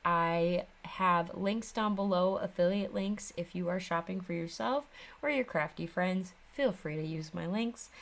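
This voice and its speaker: Chatty Midwestern woman, low gravelly voice. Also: measured pace. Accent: Upper Midwest American. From American Midwest. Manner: rambling, chatty, frequent ums and laughs. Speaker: craft channel host. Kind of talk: casual chatty crafting vlog.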